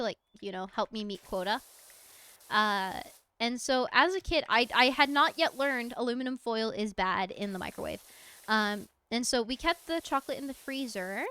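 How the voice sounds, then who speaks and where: A woman's voice: fairly high pitch, bright, forceful tone, smooth. An American woman streaming a game, chatting casually and rambling through stories with frequent laughs. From United States. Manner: chatty, rambling storyteller who laughs often. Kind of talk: casual stream chat while gaming.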